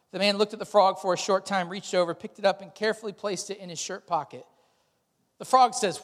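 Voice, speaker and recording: A man's voice: sits high, fairly quick, fairly bright tone, big-room sound. A male pastor preaching a sermon, emphatic and exhorting, posing rhetorical questions.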